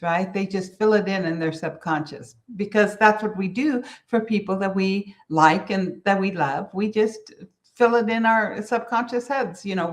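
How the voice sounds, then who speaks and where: A woman business coach giving earnest, conversational advice, circling back to repeat her key points and mispronouncing a few words. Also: mid-range voice. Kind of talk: solo business advice talk.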